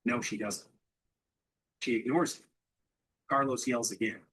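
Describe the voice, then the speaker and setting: A man's voice: mid-range voice, steady tone, measured pace, fairly bright tone, slightly rough, low-quality recording. A man teaching English through a question-and-answer drill, asking simple questions and repeating the answers back.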